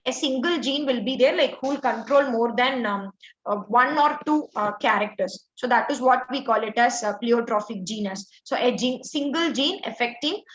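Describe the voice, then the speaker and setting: A woman's voice: a little high, moderate pace, a bit bright. A woman teacher walking through exam answers, explaining step by step with frequent "like" and "uh" fillers. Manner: explanatory, filler-heavy, says "like" and "uh" often. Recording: echoey dull lo-fi audio.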